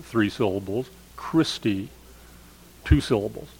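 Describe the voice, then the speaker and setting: A man's voice: on the low side, a little slow, slightly rough, poor audio. An older man, a professor of English literature, giving a discursive storytelling lecture with frequent fillers.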